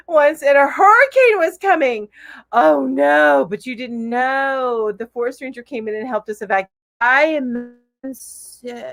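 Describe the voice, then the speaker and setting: A woman's voice: sits high, fairly bright tone, dry recording. A middle-aged woman hosting a casual live stream, reading viewer comments aloud with a giggly, bubbly manner. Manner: bubbly, giggly, coos at her cat. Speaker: live show host.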